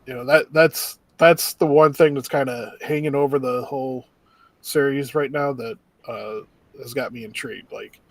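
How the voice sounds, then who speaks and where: A man's voice: mid-range voice, steady tone, normal speed, dry recording, low-quality recording. A man co-hosting a casual review chat, hesitant, with many fillers and trailing endings. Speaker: podcast co-host.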